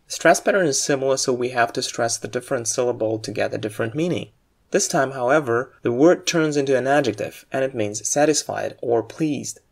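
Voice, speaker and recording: A man teaching aviation English in a scripted lesson narration, with a clear, deliberate, explanatory delivery. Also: mid-range voice.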